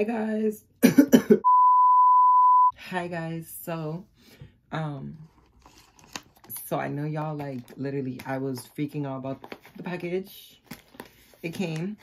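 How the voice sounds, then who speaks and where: Gushing, excitable young vlogger. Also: medium pitch, vocal fry, a little hiss or hum. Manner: excitable, gushing, swears freely, squeals with delight. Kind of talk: casual unboxing vlog.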